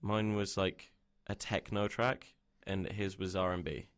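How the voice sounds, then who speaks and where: A man's voice: low voice, flat delivery, a little slow, clear, resonant tone. A young man co-hosting a podcast in casual chat, laid-back and swearing freely. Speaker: podcast co-host.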